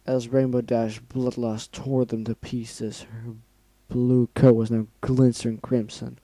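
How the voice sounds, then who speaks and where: Dark-voiced man reading a story aloud. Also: mid-range voice, flat delivery, slow pace, few pauses, dry recording, poor audio. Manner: reads aloud, breaks off to react emotionally and swear. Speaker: reader of fan fiction. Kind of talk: dramatic reading with asides.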